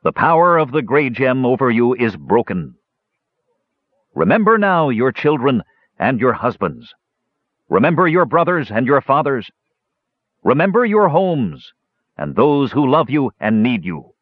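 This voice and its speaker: A man's voice: medium pitch, big pitch swings, normal speed, husky, no room sound. A man voicing a flashy dwarf who is secretly an ancient god, speaking in stern, commanding tones. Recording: dull lo-fi dry recording.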